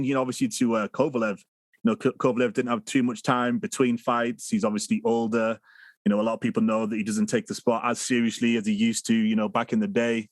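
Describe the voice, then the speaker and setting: A man's voice: mid-range voice, dry recording. A man co-hosting a boxing podcast, chatting loosely with many fillers. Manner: loose, leans on "you know" fillers. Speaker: podcast co-host. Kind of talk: casual boxing podcast chat.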